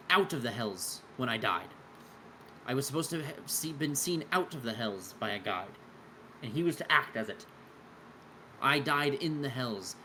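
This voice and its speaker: A man's voice: medium pitch, pushed and bright, a little hiss or hum. A man voicing an aggrieved male devil who insists his contract was broken, with a put-on Southern US accent. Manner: insistent, formal complaint.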